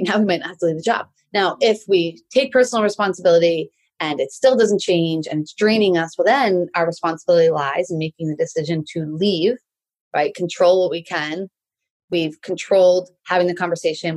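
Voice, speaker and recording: A woman coaching listeners in a relaxed solo talk, often checking in with "right?". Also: fairly low pitch. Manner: conversational, tags many sentences with "right?". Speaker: life coach.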